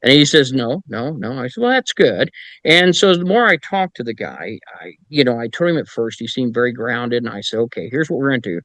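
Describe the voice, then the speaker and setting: With a mid-range voice and a fairly quick pace, recorded with no room sound, this middle-aged man from Indiana, US, swaps stories from his work investigating the paranormal. His casual anecdotes are lively, he imitates the people he quotes, and he frequently uses fillers and restarts his sentences.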